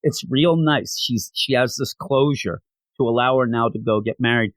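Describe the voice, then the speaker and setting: A man's voice: medium pitch, moderate pace, a bit bright, no echo. A man hosting a podcast, recapping a comic book in an enthusiastic, rambling way. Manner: enthusiastic, rambling, with many fillers. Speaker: podcast host.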